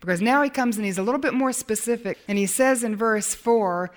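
A woman preaching a sermon as a Bible teacher, dramatic, swinging from emphatic lines to hushed ones. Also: on the high side, brisk, hardly any pauses.

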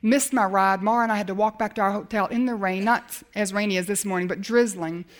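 A middle-aged woman preaching, telling a personal faith story with lively acted-out dialogue. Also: mid-range voice, fast. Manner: animated storytelling, acts out dialogue. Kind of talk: sermon storytelling.

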